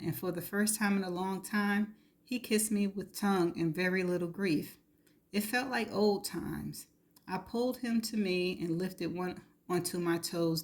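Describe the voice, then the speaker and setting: A woman reading a novel aloud in the first person, steady and intimate. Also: fairly low pitch. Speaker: reader.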